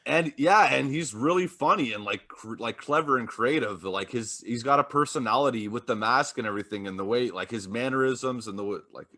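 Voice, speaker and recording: A man co-hosting a casual podcast with a bright, forward voice at an average pitch. He talks in loose, eager bursts full of "like" while praising the performers. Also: fairly quick, hardly any pauses. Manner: fillers with "like", enthusiastic praise. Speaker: podcast co-host. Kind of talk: casual chat.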